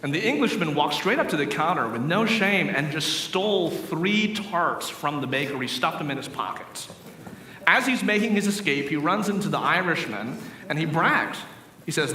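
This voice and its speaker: A man preaching a sermon, telling stories and acting out the characters in a lively way. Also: on the high side, normal speed, far from the mic, slight background noise. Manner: animated storyteller voicing characters in jokes. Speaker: pastor. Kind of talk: sermon storytelling. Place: church sanctuary. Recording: echoey hall recorded from afar.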